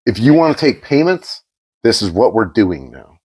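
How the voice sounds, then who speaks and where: A man co-hosting a podcast, chatting casually and telling an animated story, acting out the quoted exchanges. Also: fairly low pitch, moderate pace, a little hiss or hum. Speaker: podcast co-host.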